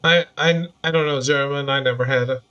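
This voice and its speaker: A man's voice: medium pitch, steady tone, fairly quick, pushed and bright, clean tone, highs cut off. A man chatting casually while streaming a game, playful and laughing often. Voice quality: playful, laughs often, hams up reading foreign text aloud. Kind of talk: casual gameplay commentary.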